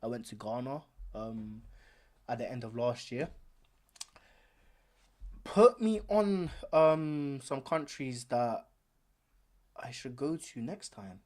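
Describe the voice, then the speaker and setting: Man, live stream host, casual slangy talk, repeats phrases, average pitch. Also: lively intonation, slow, long pauses, a little mellow. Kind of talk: casual commentary.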